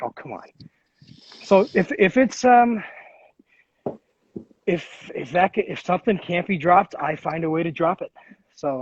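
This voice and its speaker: A man's voice: on the high side, a little mellow, dry recording. A young man telling stories in casual chat, swearing often and acting out the voices of people he quotes. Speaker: podcast host. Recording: dull lo-fi sound.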